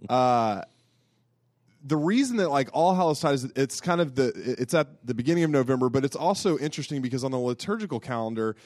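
Brief: Southern-accented male podcast co-host, easygoing, wry, mid pitch, dry sound. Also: expressive, fairly quick, a little mellow, no echo. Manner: easygoing, self-deprecating, wry. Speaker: podcast co-host, parish communications director. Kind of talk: casual chat.

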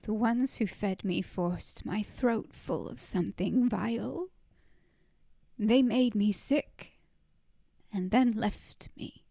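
A bitter, starving young girl, voiced in a whispered role-play by a woman. She speaks in a fierce, hushed whisper at an unhurried pace, her tone dark. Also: medium pitch, gravelly, no echo, clean studio sound.

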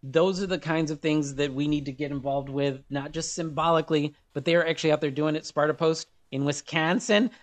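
A man's voice: on the high side, fairly even intonation, fairly quick, hardly any pauses. A man co-hosting a podcast, talking earnestly and rambling with restarts. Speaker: podcast co-host. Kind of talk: casual podcast chat.

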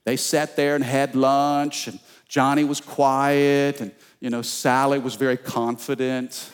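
A male pastor preaching a sermon, telling stories in an animated way and calling out to the congregation. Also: mid-range voice, unhurried, clean tone. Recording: long church reverb.

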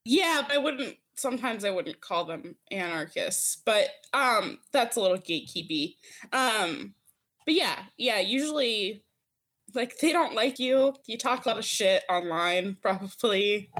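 A woman's voice: mid-range voice, lively intonation, a little slow, a bit bright. A woman guest chatting casually on a podcast, laughing often and full of fillers. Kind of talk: casual chat.

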